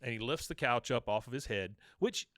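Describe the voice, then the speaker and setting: Podcast host, man, average pitch, loose rambling recap, dry close mic. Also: expressive, fairly quick, a bit bright, no room sound. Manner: rambling, lots of um and uh. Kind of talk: casual chat, recapping an episode.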